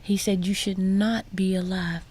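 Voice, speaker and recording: A woman speaks into a studio microphone as a radio guest, in a slow, mellow, rather dark voice. She talks haltingly and often repeats her words. At times her voice sinks to a near whisper. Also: medium pitch, level tone, husky. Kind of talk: personal testimony in a radio interview.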